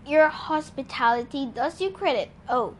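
Hermes, a woman doing a breezy, relaxed male god. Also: high voice, moderate pace, slight background noise. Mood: easygoing. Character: calm, easygoing male god disguised as a jogger.

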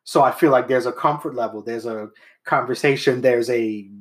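A man's voice: medium pitch, moderate pace. A man telling stories, acting out quotes. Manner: storytelling, acts out voices of people he quotes. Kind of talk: casual chat.

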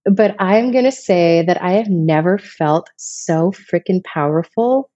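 A woman's voice: lowish voice, a little slow, warm tone, no room sound, dull audio. A woman in her thirties from Vermont, telling personal stories in a casual, emotional, rambling way as a podcast guest. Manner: emotional, rambling, many restarts.

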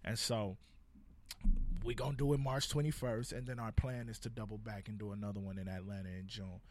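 A man's voice: on the low side, fairly even intonation, a little fast. Laid-back young LA man. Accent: Los Angeles. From Los Angeles. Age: young adult. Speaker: podcast guest, playwright. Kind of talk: casual chat.

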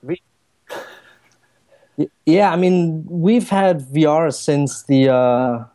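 A man's voice: fairly high pitch, very slow, dark tone. Laid-back German man chatting casually. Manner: chatty, laughs often, puts on voices to make a point. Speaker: podcast co-host. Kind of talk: casual chat.

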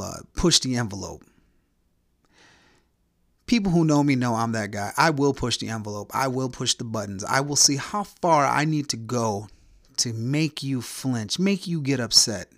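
A man's voice: medium pitch, dry recording, studio quality. A man hosting his own podcast, talking through a blunt, profane, provocative solo rant. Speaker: podcast host.

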